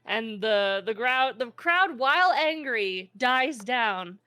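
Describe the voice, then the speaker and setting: A woman's voice: on the high side, animated, slow, sharp tone, dry recording, clean studio sound, faint music behind. Laid-back woman game master. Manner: chatty, laughs often, loose filler-heavy narration. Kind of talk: narrating a tabletop game.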